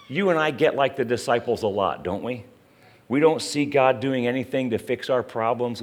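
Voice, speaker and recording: A middle-aged man preaching a sermon in a conversational way, often asking the listeners questions. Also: mid-range voice. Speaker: pastor.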